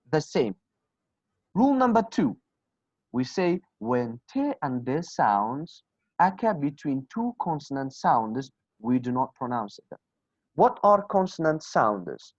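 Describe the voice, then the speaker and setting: A man's voice: a little high, no echo. A man whose first language is Kurdish, teaching English in an online class, drilling words aloud and asking and answering his own questions. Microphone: video call. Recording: dull lo-fi call audio, dry.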